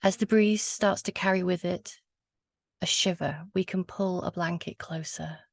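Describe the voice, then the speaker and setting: Woman, storyteller, dry close sound, hushed and slow, lingering on words. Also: on the low side, fairly even intonation, creaky, no echo. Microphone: video call.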